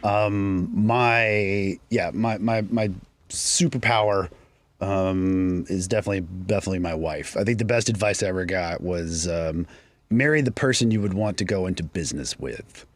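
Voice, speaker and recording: A man's voice: low-pitched, moderate pace, dry recording. Hesitant man with faint Southern-Chicago accent. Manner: hesitant, many fillers and restarts. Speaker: real estate agent. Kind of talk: casual radio interview. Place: radio studio. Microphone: studio mic.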